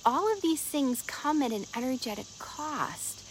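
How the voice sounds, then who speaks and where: A middle-aged woman coach telling a parable, expressive with soft hushed moments. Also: high voice, a little slow, a little hiss or hum, low-quality recording. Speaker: wellness coach. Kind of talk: storytelling talk.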